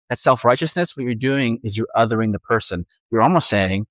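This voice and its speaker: A man's voice: medium pitch, fairly quick, few pauses, dry recording, studio quality. A man preaching a conversational sermon, earnest, acting out the inner voices of his listeners.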